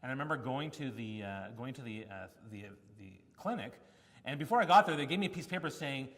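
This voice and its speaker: A man giving a conference talk, telling stories in an animated way and acting out quotes from the people in them. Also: medium pitch, quick pace. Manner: animated storytelling with acted-out quotes. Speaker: keynote speaker. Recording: long hall reverb.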